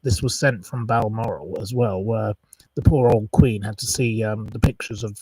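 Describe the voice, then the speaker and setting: A man's voice: fairly low pitch, moderate pace, dark tone, husky, recorded from a distance, poor audio. A man hosting a live quiz, chatting casually, rambling and reeling off long lists of wrong answers. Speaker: quiz host on a live stream.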